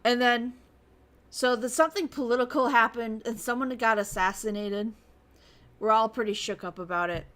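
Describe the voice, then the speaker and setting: A woman's voice: on the high side, steady tone, normal speed, a bit bright. A young woman streaming a visual novel, reading its narration aloud and chatting casually, swearing and laughing as she goes. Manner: chatty, swears freely, laughs, bursts into exaggerated rants. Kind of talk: casual livestream chat and reading game text aloud.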